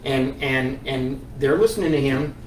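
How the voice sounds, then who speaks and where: A man co-hosting a podcast, praising the guest in halting, stop-start sentences. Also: medium pitch. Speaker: podcast co-host. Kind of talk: casual podcast chat. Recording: roomy, distant mic, faint noise.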